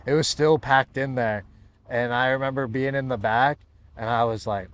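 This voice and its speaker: A young American man telling stories in a relaxed chat, laughing often and stringing thoughts together with many fillers. His pitch sits right in the middle for a man. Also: a little fast, smooth, no room sound. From San Diego, USA. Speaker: guest fighter. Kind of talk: casual chat.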